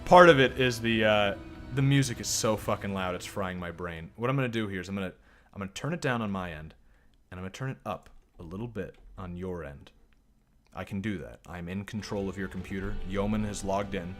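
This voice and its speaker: A man's voice: deep voice, brisk, faint music behind. Joking, profane male gameplay streamer. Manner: rambling, joking, profane, self-deprecating, laughs often. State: sore, strained throat. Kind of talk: casual live gameplay commentary.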